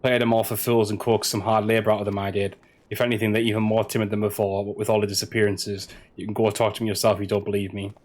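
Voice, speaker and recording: A man reading aloud the lines of a rough, grumbling male merchant from a game. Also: lowish voice, little pitch movement, fast, a little mellow, a little hiss or hum, natural voice. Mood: gruff.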